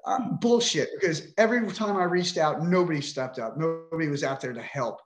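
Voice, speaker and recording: A man's voice: fairly high pitch, expressive, fairly quick, roomy sound, music in the background. A middle-aged man telling his own story on a podcast, emotional, frustrated and indignant, with frequent swearing. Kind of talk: emotional personal account.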